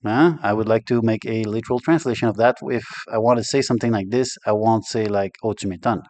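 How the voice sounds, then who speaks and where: Talking fast in a lowish, darkish voice with no room sound, a Quebec-accented man teaches French expressions in a relaxed online class. He jokes around, laughs a lot, and moves back and forth between English and French.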